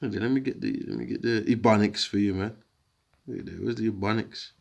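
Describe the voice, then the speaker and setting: Working through on-screen scripture in a loose, argumentative lesson peppered with slang, this video teacher has a lowish, gravelly voice. His intonation stays fairly even and his pace is brisk.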